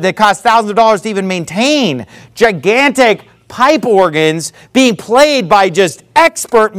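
A man preaching a sermon, talking in an animated way and sometimes mocking other preachers. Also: high voice, smooth. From not from the American South.

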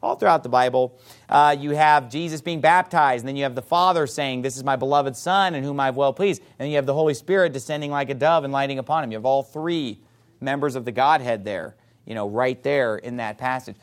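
A man preaching a sermon, reading scripture emphatically and playfully mimicking his opponents in excited voices. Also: mid-range voice, fairly quick. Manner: reads scripture aloud in a rising, emphatic voice.

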